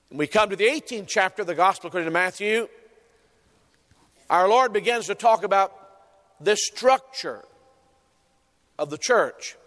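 A man delivers a sermon, pressing his points through repetition and slow, weighted emphasis. His voice sits high for a man. The sound carries a long hall reverb, as from a church sanctuary. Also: a bit bright. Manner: emphatic preaching with repeated phrases and drawn-out stresses. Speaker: pastor.

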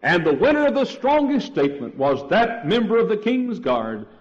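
A man preaching an old-fashioned sermon, repeating his points and rising to shouts on key words. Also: high-pitched, very animated, normal speed. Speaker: pastor. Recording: dull lo-fi 1968 sermon tape.

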